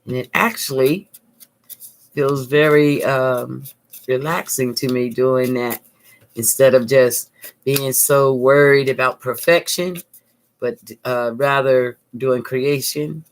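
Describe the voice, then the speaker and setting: Slow, chatty woman crafting on camera. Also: a bass voice. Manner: chatty, thinks aloud while working; calm, soothing. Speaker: craft vlogger. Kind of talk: casual crafting tutorial.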